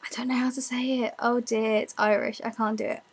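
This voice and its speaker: A woman's voice: fairly high pitch, little pitch movement, fairly quick, slightly rough, rough recording. Chatty young woman vlogger. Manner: chatty, self-deprecating, many ums and likes. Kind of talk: casual chat answering viewer questions.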